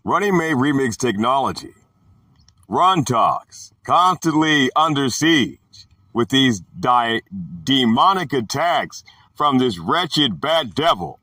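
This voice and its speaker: A man slowly teaching a Bible chapter in an informal, drawling way, repeating phrases and talking back to an imagined devil. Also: medium pitch, lively intonation, sharp tone, no echo, recorded from a distance. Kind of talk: informal Bible study monologue.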